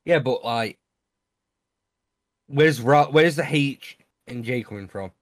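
A man's voice: mid-range voice, takes it slowly. A young man with a British accent, chatting casually over online voice chat, mocking his friend and swearing freely.

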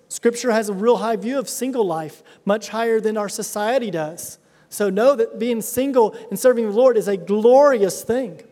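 A man's voice: very high voice, darkish tone. A middle-aged man preaching a sermon as a pastor, earnest, with emphatic repetition. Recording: reverberant hall sound.

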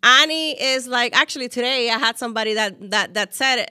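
A woman podcast host with a Cuban Spanish accent, talking in an expressive, heartfelt casual chat full of fillers. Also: fairly high pitch, a little fast, no echo, clean studio sound. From Cuba.

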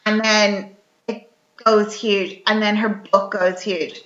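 A young woman recapping a film in casual chat, telling it lively and full of "like". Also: medium pitch, slow pace. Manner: chatty, lively retelling full of "like" and quoted lines. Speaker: podcast co-host. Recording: echoey room, slightly dull sound.

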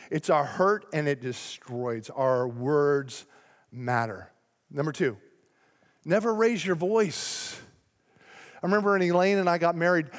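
A man with a high voice preaches from the pulpit, growing loud and fired up whenever he gets passionate. His words ring out with the long reverb of a big church hall. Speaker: pastor. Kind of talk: sermon. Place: church sanctuary.

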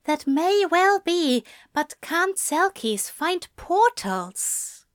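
A composed male angel from an audiobook story who speaks pointedly and firmly, his voice lifted high and lively, as a woman reader plays him. The sound is dry and close. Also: dry recording, exaggerated voice. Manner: pointed, measured. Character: calm, firm male angel, gently commanding.

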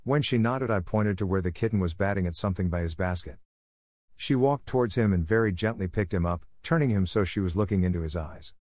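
A man narrating a ghost story in the first person, with a calm, measured storytelling manner. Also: deep voice, dry recording, studio quality.

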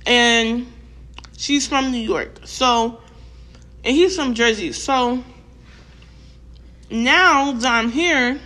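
A young woman, telling a storytime rant to her vlog audience, animated and profane, with lots of filler words and re-enacted quotes. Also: a little high, drawn-out words, pauses often. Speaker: vlogger.

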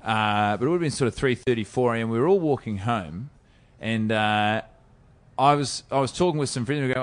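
Man, New Zealand accent, young adult, rambling self-deprecating storytelling, mid pitch. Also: a little fast. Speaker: podcast guest. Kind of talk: casual storytelling chat.

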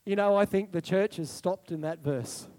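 Male pastor, high tenor, animated sermon delivery with whoops. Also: normal speed. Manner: animated preaching, sudden whoops, laughs. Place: church hall.

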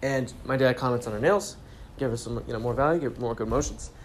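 Young male vlogger, relaxed storyteller, casual profanity, spiritual sign-offs, mid pitch. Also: fast talker, slight background noise. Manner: laid-back, swears freely, spiritual catchphrases. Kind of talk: casual self-help vlog storytelling. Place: grocery store trip, talking on the go.

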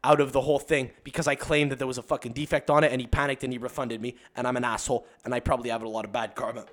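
A man's voice: medium pitch, little pitch movement, very fast, a bit bright. A young man talking as a podcast guest in casual chat, telling long profane stories and acting out other people's voices. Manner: profane, rambling storyteller.

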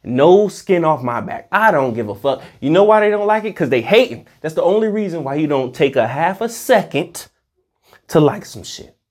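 Animated profane ranting vlogger. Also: medium pitch, normal speed. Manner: profane, heated and preachy; swings between loud outbursts and muttered asides. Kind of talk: ranting monologue to camera.

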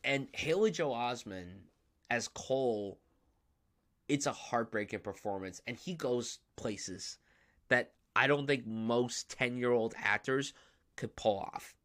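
This young podcast host discusses films slowly, his medium-pitched voice a bit bright. His delivery is casual yet enthusiastic and emphatic.

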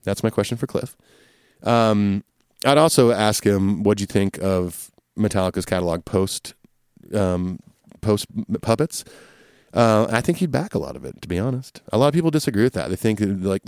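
A man with a lowish, smooth, resonant voice hosts a podcast and works through listener questions. He talks in an easygoing, rambling way, with plenty of "um"s and restarts. The sound is dry and close. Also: expressive, normal speed, a little mellow, no echo. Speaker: podcast host. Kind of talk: casual chat answering listener questions.

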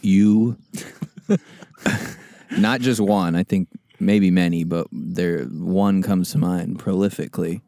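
A man's voice: sits low, steady tone, takes it slowly, creaky, pauses often, warm tone, no echo, clean studio sound. A man from Nebraska co-hosting a podcast, jokey and rambling in casual chat. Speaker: podcast co-host.

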